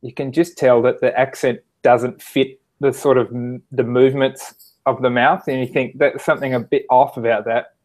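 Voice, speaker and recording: An Australian man chatting casually as a guest, measured and pausing with "um" while he searches for words. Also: medium pitch, little pitch movement, darkish tone. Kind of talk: casual chat.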